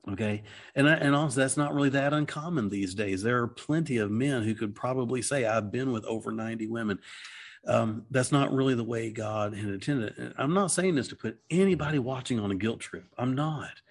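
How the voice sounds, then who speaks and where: A man's voice: mid-range voice, a little fast. A middle-aged man talking through a Bible passage in casual discussion, earnest and rambling, with many restarts and "okay"s. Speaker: Christian teacher.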